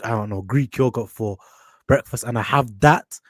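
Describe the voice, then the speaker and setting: Young-sounding London caller, polite and hesitant, dry close sound. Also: male voice, mid-range voice, normal speed, dry recording. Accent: London English. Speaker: caller on a live stream. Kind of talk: asking questions on a live call.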